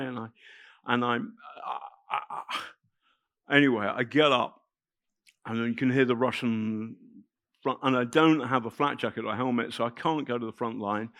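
A middle-aged man, telling a personal story to an audience in a halting, emotional way with many restarts. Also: mid-range voice, creaky, a bit bright, no room sound. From England. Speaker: festival speaker telling a story. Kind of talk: spoken anecdote to a live audience.

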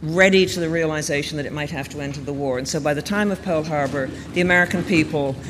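Man giving a measured history talk. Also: a little high. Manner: thoughtful, measured, conversational storytelling. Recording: reverberant room with faint background noise.

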